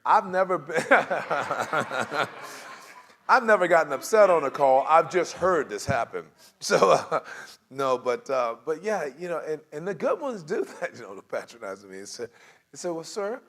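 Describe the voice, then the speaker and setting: Lively man teaching a church class. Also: a little high, measured pace. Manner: animated, acts out quoted dialogue, laughs often. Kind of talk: casual teaching talk. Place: church room.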